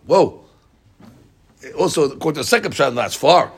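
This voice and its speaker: A man teaching a class on a text. He explains it in an animated way, acts out the people he quotes and often repeats his words. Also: on the high side, moderate pace, slightly rough.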